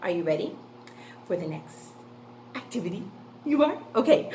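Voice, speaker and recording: A woman's voice: mid-range voice, expressive, moderate pace, reverberant, slight background noise. A woman teaching a phonics lesson to young children, sing-song and encouraging, asking questions and answering them herself.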